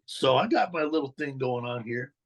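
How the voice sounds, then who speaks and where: A man's voice: mid-range voice, moderate pace, lo-fi sound. A man from Denver, a former mob associate and motivational speaker, telling his life story as a guest in an interview and acting out the people he quotes. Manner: animated storyteller who acts out the people he quotes.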